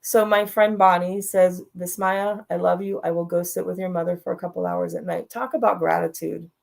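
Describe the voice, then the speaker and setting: A woman's voice: fairly low pitch, fairly even intonation, normal speed, vocal fry, a little mellow. A middle-aged woman telling a personal story as a talk show guest, frank and direct, laughing now and then through hard moments.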